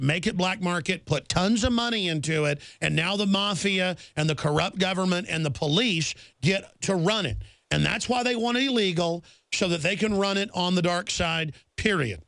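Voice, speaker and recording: A man's voice: sits high, gravelly, a bit bright, dry recording. A man hosting an interview, talking fervently and emphatically, piling point on point. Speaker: host. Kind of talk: talk show interview.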